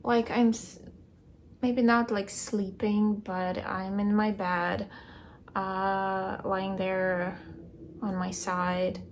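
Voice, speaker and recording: A young woman keeping a video diary, recounting a dream in a hesitant way, searching for words and filling pauses with "like". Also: mid-range voice, flat delivery, a little hiss or hum. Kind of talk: casual personal storytelling.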